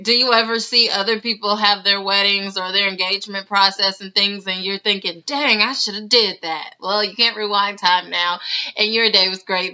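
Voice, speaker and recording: A woman's voice: mid-range voice, bright, forceful tone, clear, resonant tone. A young woman chatting through a casual recap of a reality TV episode, laughing and mimicking the people she talks about. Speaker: reality TV reviewer. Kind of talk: casual video commentary. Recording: slightly dull lo-fi sound.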